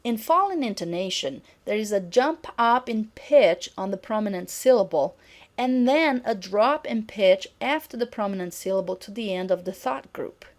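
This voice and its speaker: A middle-aged woman giving a recorded lecture on intonation, speaking clearly and acting out example sentences. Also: medium pitch, animated, normal speed.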